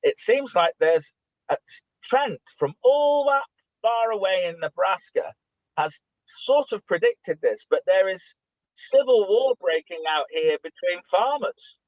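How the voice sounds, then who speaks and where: A man co-hosting a talk show, chatting in an animated way and repeating words as he thinks. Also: high-pitched, a little slow, no echo. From United Kingdom. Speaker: co-host. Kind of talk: casual talk show chat. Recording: dry tinny phone-like line.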